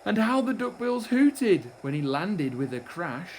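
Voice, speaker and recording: A man reading a rhyming children's picture book aloud in an expressive, sing-song way. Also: sits high, a little slow, slight background noise. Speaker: storyteller.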